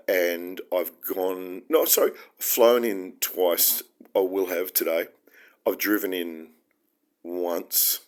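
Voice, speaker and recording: An Australian man hosting his own show, talking through his feelings in an earnest, heartfelt and rambling solo monologue. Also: low voice. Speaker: podcast host.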